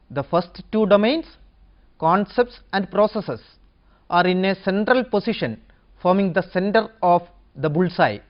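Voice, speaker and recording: A woman giving an educational lecture, going through numbered points in a measured way. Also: mid-range voice, muffled recording. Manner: measured, listing points one by one.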